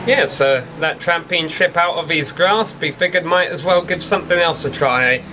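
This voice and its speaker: A man's voice: on the high side, normal speed, a little hiss or hum. A man from England, commentating a sim race in a chatty, informative way. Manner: chatty, informative, builds up excitement at race start. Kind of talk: sim racing play-by-play commentary.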